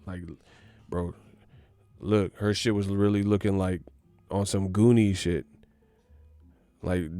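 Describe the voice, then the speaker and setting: A man delivering a profane comedic rant, swinging between loud outbursts and hushed whispers. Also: on the low side, clear, resonant tone, no echo.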